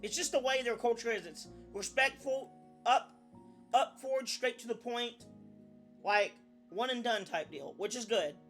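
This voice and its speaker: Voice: medium pitch, measured pace, fairly bright tone, faint music behind. A young adult VTuber chatting casually on a live stream, rambling, often restarting sentences and swearing now and then.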